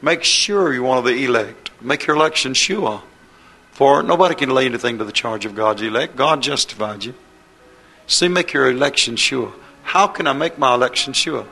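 Impassioned preacher man, bright voice. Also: mid-range voice, expressive, normal speed, creaky. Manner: impassioned, rising and falling cadence. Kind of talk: sermon.

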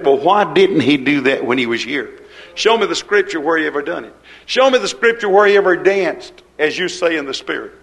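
A man preaching a sermon as pastor. He speaks fervently in folksy grammar, asks rhetorical questions, and swings between loud and hushed. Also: a little high, lively intonation, brisk, poor audio.

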